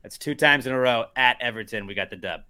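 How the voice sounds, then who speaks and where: A man's voice: mid-range voice, fast, bright, forceful tone. A man co-hosting a casual podcast chat, ranting and rambling with lots of fillers. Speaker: podcast co-host.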